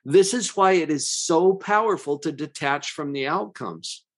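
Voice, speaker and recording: A man hosting a parenting podcast, explaining calmly and slowing down to stress key words. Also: a little high, slightly rough. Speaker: parenting coach and podcast host. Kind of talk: podcast monologue.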